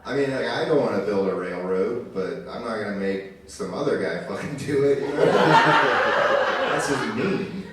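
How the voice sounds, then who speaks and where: Young male stand-up, lowish voice, loose and crude, picked up from far back in a very echoey hall with crowd noise. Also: expressive, fairly quick, few pauses. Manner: loose, crude, conversational storytelling. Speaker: stand-up comedian. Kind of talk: stand-up set. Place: live stage in a community arts venue. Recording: very echoey room recorded from far off. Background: crowd ambience.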